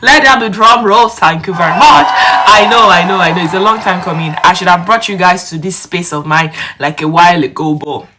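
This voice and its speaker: A woman's voice: fairly low pitch, fairly even intonation, fairly quick, background noise. A young woman, talking to her viewers in a chatty, casual vlog. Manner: chatty, addresses viewers directly. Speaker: vlogger. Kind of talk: casual vlog talk to camera.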